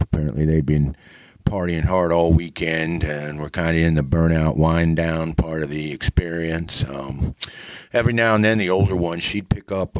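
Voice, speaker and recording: A middle-aged man with a very low, dry voice hosts a podcast. He tells a long story in a deadpan, rambling way, full of fillers. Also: no echo. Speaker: podcast host. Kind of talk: casual storytelling monologue.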